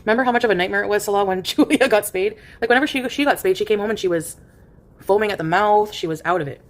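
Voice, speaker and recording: A woman's voice: medium pitch, fast talker. A woman chatting casually on a livestream, rambling and filling her speech with "like". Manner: rambling, with heavy use of "like"; coos softly to her cat in baby talk. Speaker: streamer.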